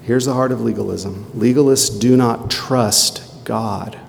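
A man preaching a sermon in a conversational way, with quick asides and emphatic rhetorical questions. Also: medium pitch, steady tone, vocal fry, a little hiss or hum. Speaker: pastor. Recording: long hall reverb.

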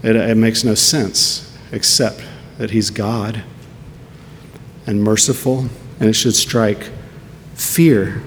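A man's voice: fairly even intonation, slow pace, long pauses. A man preaching a sermon as pastor, earnest and full of rhetorical questions. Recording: long hall reverb with faint rumble.

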